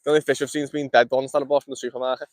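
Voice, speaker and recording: A young man with a Scouse accent from Liverpool, chatting quickly to his live-stream viewers while fishing outdoors in the cold and laughing often. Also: medium pitch, little pitch movement, darkish tone, dry recording. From Liverpool, England. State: cold, shivering. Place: outdoors by a lake.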